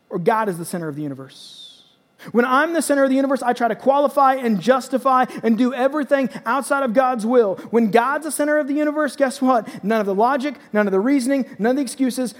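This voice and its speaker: A man preaching a sermon, acting out scripture passages with rising intensity and emphatic repetition. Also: extremely high pitch. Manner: dramatic scripture reading, rising to shouts. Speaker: pastor. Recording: long hall reverb.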